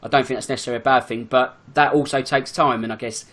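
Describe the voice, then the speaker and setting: A man talks football in a relaxed podcast chat at a brisk clip. His pitch sits in the middle, and his sentences tumble along with plenty of fillers and restarts. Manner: quick, chatty, full of fillers. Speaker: podcast guest, football fan. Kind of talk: casual chat.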